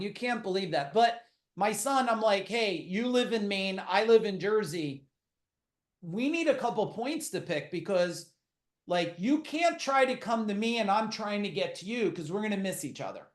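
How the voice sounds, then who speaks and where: A middle-aged man, a podcast guest, tells blunt, profane stories in casual interview talk, full of quick asides. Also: high voice, animated, reverberant.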